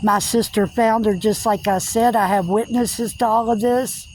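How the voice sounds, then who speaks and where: A woman's voice: mid-range voice, fairly even intonation, normal speed, darkish tone, a little hiss or hum, rough recording. A woman tells a personal spiritual testimony in a plain, earnest voice. She works through it step by step, coming back again and again to what she said and what others said. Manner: earnest, repetitive retelling with many "I said" tags. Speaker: faith testimony vlogger.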